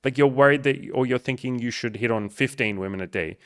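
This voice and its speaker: A man's voice: mid-range voice, fairly quick, a bit bright, clean tone, no room sound, clean studio sound. A man who coaches on dating, talking bluntly and emphatically with lots of swearing as he answers a viewer.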